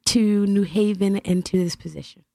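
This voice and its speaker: A woman's voice: mid-range voice, normal speed, creaky, mellow, no room sound. A woman hosting an interview, enthusiastic and a little rambling, laughing often between questions. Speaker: host. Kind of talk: interview conversation.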